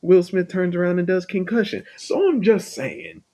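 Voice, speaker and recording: A man hosting a podcast in casual chat, talking in an animated, emphatic, argumentative way. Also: high voice, moderate pace. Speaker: podcast host.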